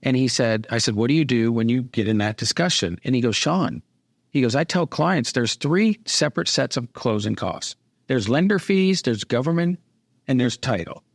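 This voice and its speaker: A man's voice: mid-range voice, animated, moderate pace, dry recording. A man hosting a casual podcast interview, a mortgage business owner who tells stories by acting out both sides of his phone calls.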